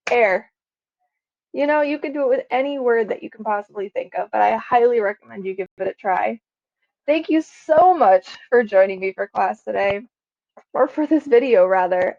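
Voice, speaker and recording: Gravelly teacher woman, slightly high voice. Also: a little mellow, no room sound, dull audio. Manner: slow, patient, sounding out words. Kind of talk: classroom lesson video.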